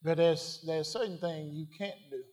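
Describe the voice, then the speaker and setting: A man preaching a sermon, asking the congregation questions and swinging from quiet asides to loud declarations. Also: fairly high pitch, fairly even intonation, normal speed. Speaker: pastor.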